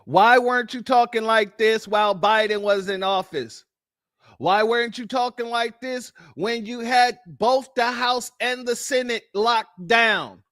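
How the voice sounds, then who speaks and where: A man's voice: very high voice, measured pace, fairly bright tone, no echo, studio quality. A man hosting political commentary, blunt and mocking, firing off rhetorical questions. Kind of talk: ranting commentary on news clips.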